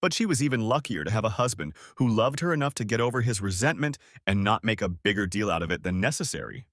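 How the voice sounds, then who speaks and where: A man voicing a calm woman who speaks softly but firmly, in a story audiobook. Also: lowish voice, quick pace, dry recording, clean studio sound. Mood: soothing. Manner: soft but firm, soothing. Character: calm persuasive woman, the wife's friend. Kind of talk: audiobook character voice.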